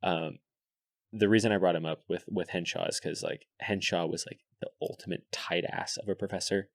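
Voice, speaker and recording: A young man chatting as a podcast guest, telling animated, swear-laden stories full of "like" and "dude". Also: low-pitched, normal speed, no room sound. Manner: animated storyteller, swears freely, fillers like "like" and "dude". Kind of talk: casual podcast chat.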